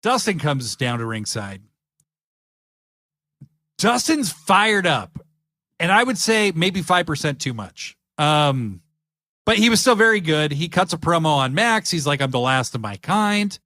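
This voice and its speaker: Animated man retelling wrestling shows. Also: a little high, a little slow, pauses often. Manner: animated storyteller, acts out wrestlers' lines. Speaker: podcast co-host. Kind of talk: casual wrestling recap chat.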